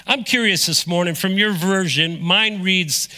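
Fairly high-voiced guy preaching, lively, gets the congregation to answer back, echoey sanctuary. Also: measured pace. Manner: energetic, engages the congregation with call-and-response. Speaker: pastor. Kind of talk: sermon. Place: church sanctuary. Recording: long reverb of a large hall.

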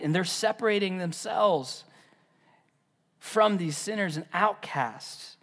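A man preaching a sermon as pastor, animated, dropping to a whisper for emphasis. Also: high-pitched, slow pace, big-room sound. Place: church.

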